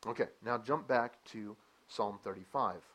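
A man preaching a sermon, animated and emphatic, asking the listeners rhetorical questions and dropping to a quieter explaining tone at times. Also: fairly low pitch, unhurried, low-quality recording.

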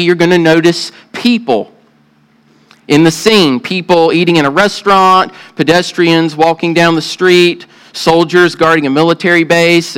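A Southern US pastor with a slightly high, fairly bright, clean-toned voice preaches earnestly, though the audio is poor. He opens the sermon with a prayer and puts questions to the congregation.

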